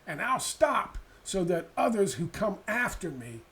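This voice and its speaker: A man's voice: sits high, sing-song, unhurried, bright, forceful tone, pitched above the performer's own voice, full character voice. A man sarcastically voicing a smug woman creator justifying herself. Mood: mock-noble. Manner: sarcastic mocking quotation.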